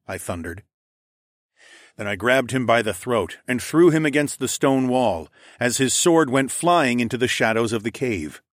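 A man narrating a first-person fantasy audiobook in a measured, dramatic way. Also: medium pitch, dry recording, studio quality.

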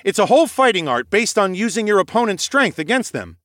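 A man's voice: sits high, very animated, a little fast, a bit bright, dry recording, studio quality, pitched above the performer's own voice. A man as a playful, teasing young brawler. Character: brash, fight-loving young brawler. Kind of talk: audiobook character voice.

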